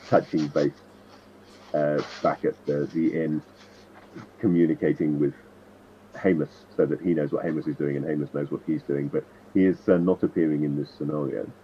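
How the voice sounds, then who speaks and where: A man at a tabletop game, chatting casually and explaining his characters in rambling, self-correcting asides. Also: low-pitched. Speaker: tabletop player. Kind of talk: casual chat. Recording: dull lo-fi sound, faint noise.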